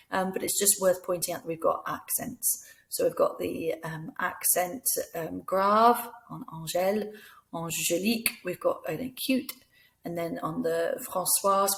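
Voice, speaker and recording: A woman's voice: fairly low pitch, gravelly. A middle-aged woman teaches language in a patient, encouraging way, spelling out sounds carefully. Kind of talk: slow, clear classroom instruction.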